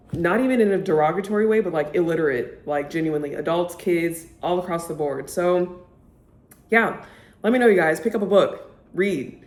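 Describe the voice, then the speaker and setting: A young woman vlogger chatting casually about books she loves, gushing and peppering her talk with "like". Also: on the low side. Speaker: book vlogger. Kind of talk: casual chat to camera. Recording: echoey room.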